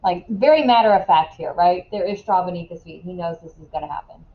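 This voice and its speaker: A woman teaching a classroom lesson in a casual way, asking quick questions and often checking in with "right?". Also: on the low side, muffled recording.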